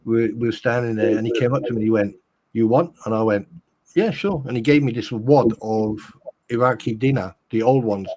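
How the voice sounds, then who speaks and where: A man with a husky, rough, deep voice tells stories from his army days in a loose conversational way. He does quick voices for the people in his stories, and his tone is mid-pitched. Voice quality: raspy, deep. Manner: lively anecdotes with laughs and acted dialogue. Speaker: army veteran guest. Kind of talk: casual storytelling.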